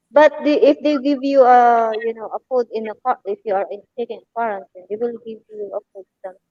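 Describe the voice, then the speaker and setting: A woman's voice: on the high side, steady tone, a little fast, mellow, dry recording. A woman hosting a casual livestream, chatting and reading out messages from viewers. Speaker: livestream host. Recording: dull, dry lo-fi mic.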